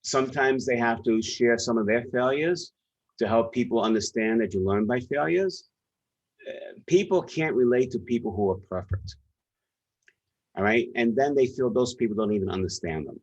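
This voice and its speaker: A man's voice: mid-range voice, moderate pace, dry recording. New york guy on a podcast, emphatic storyteller, dull dry lo-fi sound. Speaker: guest, leadership author and speaker. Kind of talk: conversational interview.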